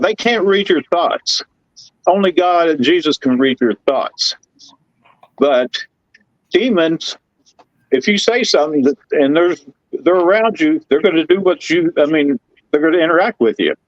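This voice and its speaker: A middle-aged man, telling rambling, excitable stories in casual chat. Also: high voice, normal speed, dry recording, dull audio. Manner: folksy, rambling, excitable storyteller. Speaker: guest telling paranormal stories.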